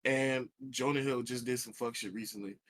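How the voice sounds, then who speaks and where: A young man co-hosting a casual podcast, reacting with disbelief, quick questions and blunt jokes. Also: medium pitch, fairly even intonation, a bit bright. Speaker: podcast co-host. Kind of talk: casual chat.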